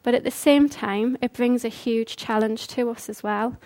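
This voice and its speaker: A woman's voice: on the high side, fairly even intonation, moderate pace, a little mellow. A woman preaching a conversational sermon, earnest and full of rhetorical questions.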